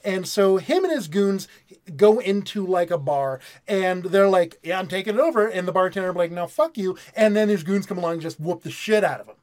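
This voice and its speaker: A man's voice: high voice, normal speed, darkish tone. Profane man retelling a movie plot. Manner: profane storyteller who acts out characters' lines. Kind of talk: casual movie review chat.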